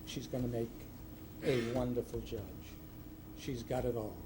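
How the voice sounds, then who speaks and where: Older male speaker, mid-pitched voice, dry wit and well-timed punchlines, noisy hall recording. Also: level tone, measured pace. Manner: dry storytelling with punchline timing. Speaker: retired judge giving a speech. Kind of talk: humorous anecdotes at a ceremony. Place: ceremony hall with a live audience.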